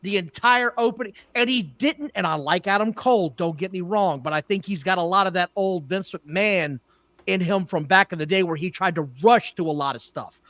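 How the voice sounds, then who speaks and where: A man's voice: high-pitched, moderate pace, fairly bright tone, no room sound. A man co-hosting a wrestling podcast, blunt and opinionated, who often trips over names. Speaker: podcast co-host. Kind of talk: casual wrestling talk.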